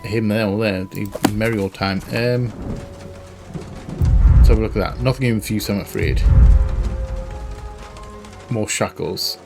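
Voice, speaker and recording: A man casually commentating while he plays a mystery game, chatty and self-mocking as he thinks out loud. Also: lowish voice, steady tone, unhurried, creaky, pauses often, over loud music. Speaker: game streamer. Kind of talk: casual let's-play commentary.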